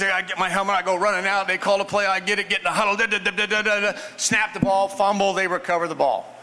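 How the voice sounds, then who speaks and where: A man, a former football player, telling an animated story on a panel and chuckling as he goes. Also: fairly high pitch. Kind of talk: storytelling anecdote. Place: large hall with an audience. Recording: echoey hall.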